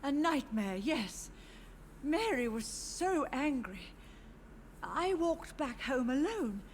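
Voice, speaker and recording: A woman's voice: high-pitched, sing-song, takes it slowly, a little hiss or hum, heavily acted. A confused, grieving old mother. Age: older. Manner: wistful, drifting, gently insistent. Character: frail grieving old mother, confused, haunted by her dead. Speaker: game character. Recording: game voice acting over loud game music.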